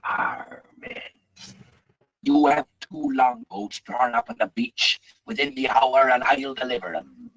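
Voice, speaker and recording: An actor playing a gruff, sly old pirate captain who speaks with a pious air, rolling out every word in 1950s film style. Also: male voice, mid-range voice, big pitch swings, a bit bright, no room sound, heavily acted, rough recording. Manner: rolling, drawn-out pirate speech.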